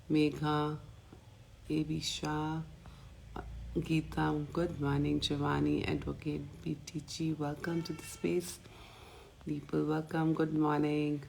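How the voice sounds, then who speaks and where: Woman, low voice, life coach, live morning session, playful, greets viewers by name. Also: gravelly, a little mellow.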